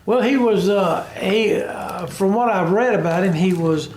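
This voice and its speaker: Halting man talking sports. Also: sits high, darkish tone, echoey room, slight background noise. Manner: halting, easygoing, many fillers. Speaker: sports writer, radio co-host. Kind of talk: casual sports radio chat.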